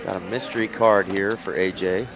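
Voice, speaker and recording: A man's voice: low voice, steady tone, a little fast. A man commentating live poker in an easygoing, informative way. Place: card room broadcast booth. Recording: casino crowd noise behind.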